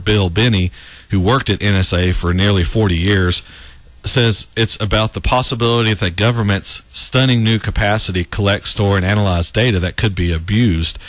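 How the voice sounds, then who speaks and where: A low-voiced man hosts a talk show and runs through political commentary with open sarcasm, laughing at his own lines. His voice sits deep in the chest. The recording is dry, with no room sound. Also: a bit bright, dry recording. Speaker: radio talk show host.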